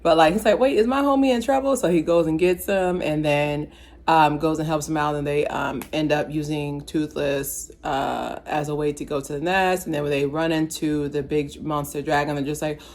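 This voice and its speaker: A woman's voice: low-pitched, level tone, moderate pace, a little mellow. A woman giving a casual movie review with a rambling, slangy, filler-heavy manner.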